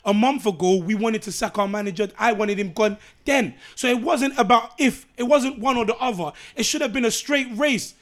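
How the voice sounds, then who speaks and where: Brief: man, very high voice, pushy podcast co-host who won't stop cutting in. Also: normal speed, hardly any pauses, a bit bright. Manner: insistent, talks over others, repeats demands to be heard. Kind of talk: heated football podcast debate.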